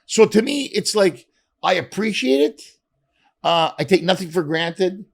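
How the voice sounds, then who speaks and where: Man from canada, slightly high voice, gravelly, lively storyteller, middle-aged. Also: a little slow. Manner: animated, acts out dialogue with swearing. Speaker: comedian guest. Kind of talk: casual storytelling interview.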